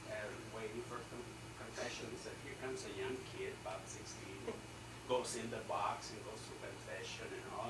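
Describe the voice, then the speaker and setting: An older man, an artist, rambles through jokes and stories while laughing, his voice lowish with fairly even intonation at normal speed. A distant mic captures him in an echoey room with loud noise.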